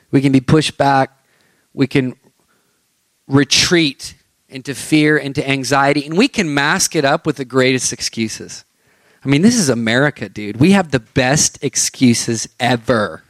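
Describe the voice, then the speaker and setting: A man preaching a sermon, telling a story and acting out the dialogue with lively energy. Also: mid-range voice, no room sound.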